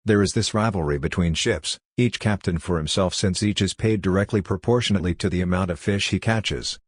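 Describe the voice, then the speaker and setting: A man narrating a literary audiobook in a measured, reflective way. His voice sits very low and deep. The recording is dry and close, with no room sound. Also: no echo.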